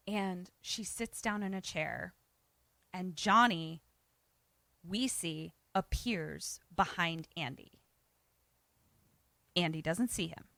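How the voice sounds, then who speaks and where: A woman's voice: fairly low pitch, slow, gravelly, long pauses, dry recording. A woman co-hosting a podcast, casually retelling a film's plot and acting out the quotes, swearing now and then. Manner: animated storyteller, acts out quotes, swears casually. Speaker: podcast co-host.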